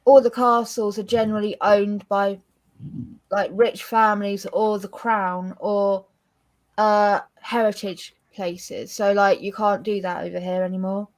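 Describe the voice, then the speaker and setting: A woman with an English accent chatting casually as a co-host, blunt and animated, swearing freely. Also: mid-range voice, a little slow. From England. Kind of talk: casual chat.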